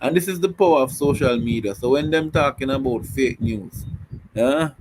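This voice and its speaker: A man's voice: medium pitch, normal speed, darkish tone, slightly rough, low-quality recording. A man, a guest on a talk show, speaking earnestly and often repeating words as he finds them. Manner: repeats himself while finding words, earnest. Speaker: guest commentator. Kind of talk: casual talk show chat.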